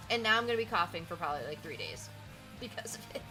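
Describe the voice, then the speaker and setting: Music plays in the background as a young woman streamer chats casually with her viewers, rambling and reacting to their messages. Her voice is fairly low in pitch, sing-song and fast.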